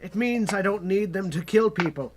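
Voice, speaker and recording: A man's voice: high-pitched, normal speed, noisy background. A man playing a tabletop game, talking casually and joking in character. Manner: joking, playful boasts. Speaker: player.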